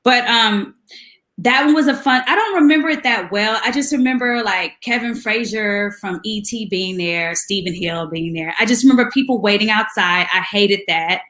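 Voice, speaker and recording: A woman guest telling lively anecdotes in a casual chat, laughing often and mimicking voices. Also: medium pitch, normal speed, reverberant. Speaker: guest musician.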